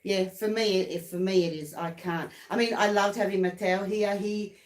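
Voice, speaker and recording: A woman's voice: medium pitch, steady tone, moderate pace. A middle-aged Australian woman chatting on a live stream, telling stories and laughing at them. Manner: warm storyteller, laughs at her own stories. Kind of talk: casual live chat. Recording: echoey room.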